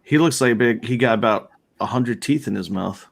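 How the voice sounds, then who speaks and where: A man's voice: mid-range voice, moderate pace, vocal fry. A man in casual chat, joking and teasing his friends.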